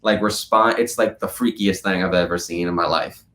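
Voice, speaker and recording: A man's voice: deep voice, moderate pace, slight background noise. A young man being interviewed as a guest drummer, telling stories animatedly and saying "like" often. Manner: animated storyteller, many "like" fillers. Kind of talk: casual interview chat. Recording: echoey room.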